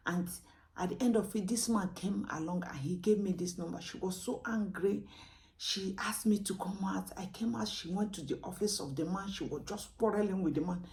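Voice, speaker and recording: Woman, Nigerian English accent, personal story vlog, animated, emotional, somewhat low voice, whispered asides. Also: normal speed. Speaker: vlogger.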